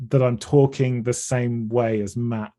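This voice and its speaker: A man with an English accent chats as a guest in a relaxed interview. He talks earnestly and loosely, circling back and restarting his sentences as he thinks. His voice sits at a middle pitch. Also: a little slow. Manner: chatty, earnest, restarts often while thinking. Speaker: podcast guest, comedian and streamer. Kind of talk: casual conversational interview.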